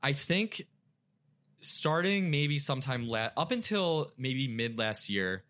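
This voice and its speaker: Bright-voiced young man telling a personal story. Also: medium pitch, sing-song, slow. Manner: emotional, frequent "like" fillers. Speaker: guest.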